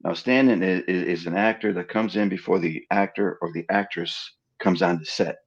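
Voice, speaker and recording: Gravelly, husky man telling stories. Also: deep voice, moderate pace, muffled recording. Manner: animated storyteller acting out quoted dialogue. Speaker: interview guest. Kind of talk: casual storytelling interview.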